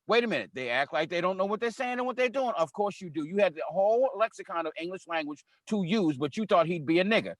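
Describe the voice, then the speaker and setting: A man's voice: sits high, animated, fast talker, few pauses, no room sound, studio quality. A man co-hosting a casual discussion, blunt, profane and emphatic. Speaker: podcast co-host.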